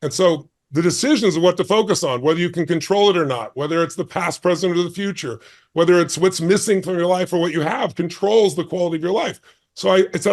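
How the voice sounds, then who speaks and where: Speaking fast in a high, somewhat dark voice, a sixty-something man tells a story as an interview-show guest. He acts out the dialogue and stresses his words intensely.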